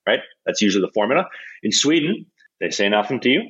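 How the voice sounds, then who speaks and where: Fast-talking husky man. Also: on the low side, lo-fi sound. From Canada. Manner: profane, animated storyteller with frequent restarts. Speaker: guest, hockey goalie. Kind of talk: casual storytelling chat.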